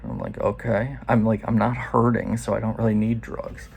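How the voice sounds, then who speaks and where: A man's voice: on the low side, fairly even intonation, creaky, a little mellow, slight background noise. A man in his forties telling a loose, profane story in a casual first-person way. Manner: loose and profane, quoting others in quick asides.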